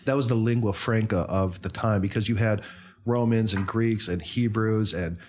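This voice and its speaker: A man co-hosting a podcast, telling history as an animated storyteller. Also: fairly low pitch, moderate pace. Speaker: podcast co-host.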